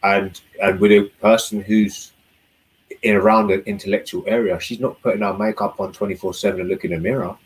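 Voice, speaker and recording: A man's voice: fairly low pitch, fairly even intonation, fairly quick, breathy edge, rough recording. A young man chatting casually and laid-back, giving dating advice. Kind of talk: casual chat.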